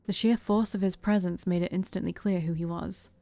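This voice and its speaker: A woman streamer reading a visual novel aloud in steady narration, with small stumbles. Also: lowish voice, a little fast, soft background music. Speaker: let's-play streamer.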